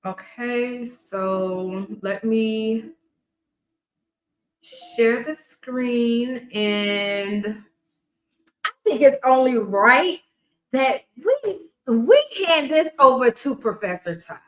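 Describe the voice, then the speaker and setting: Woman coach chatting to camera, kinda high voice, emphatic, echoey room. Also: lively intonation, very slow. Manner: chatty and emphatic, drops into quiet asides. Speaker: podcast coach. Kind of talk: casual promotional talk to camera.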